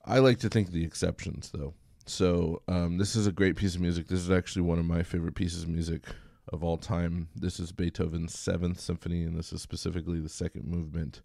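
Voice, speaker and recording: A man giving a recorded college music lecture in a relaxed, chatty way, singing short examples. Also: low-pitched, brisk, gravelly, few pauses, no room sound, studio quality.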